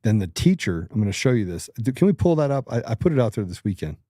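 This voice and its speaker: A man's voice: on the low side, sing-song, quick pace, warm tone, no room sound, studio quality. A middle-aged man hosting political commentary, blunt, combative and emphatic. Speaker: host.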